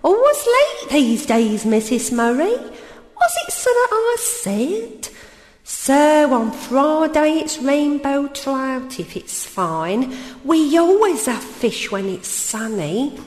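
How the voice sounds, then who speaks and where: A woman's voice: high voice, exaggerated voice. A woman doing a chatty village cafe lady. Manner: cheery rhyming patter, says "me" for "my". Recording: roomy hall with long reverb.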